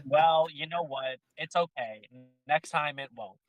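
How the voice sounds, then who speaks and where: Young male co-host, playful and defensive, lively high-ish voice, dry sound. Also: measured pace, no echo, low-quality recording. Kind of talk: casual live-stream banter.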